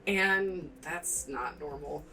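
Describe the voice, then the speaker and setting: A woman's voice: deep voice, slow pace, sharp tone, slight background noise. A young woman narrating as game master in a casual, rambling way, with many fillers. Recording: distant mic with background music.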